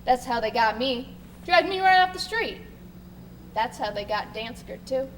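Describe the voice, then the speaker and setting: A woman's voice: a little high, expressive, moderate pace, natural voice. A woman playing a bitter, rebellious male sailor with coarse, crude talk in a live stage play. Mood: persuasive. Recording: stage recording with faint noise.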